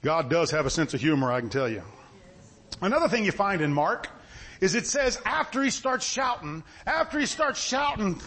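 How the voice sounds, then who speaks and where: A man's voice: high-pitched, sing-song, moderate pace, a bit bright. A man preaching a sermon in a folksy style, asking his listeners questions again and again. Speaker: pastor.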